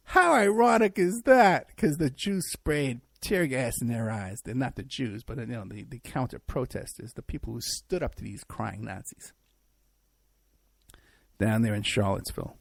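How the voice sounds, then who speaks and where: A man's voice: medium pitch, animated, moderate pace, gravelly, no room sound. A man hosting a talk show, delivering a mocking, rambling monologue full of restarts. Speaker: talk show host and private investigator.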